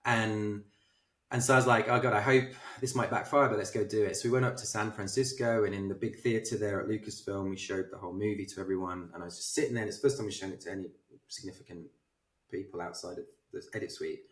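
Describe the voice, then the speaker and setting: A man's voice: on the low side, quick pace, recorded from a distance. Man telling stories in an echoey room. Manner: animated anecdotal, self-deprecating. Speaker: film director, interview guest. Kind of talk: casual interview storytelling. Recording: roomy echo.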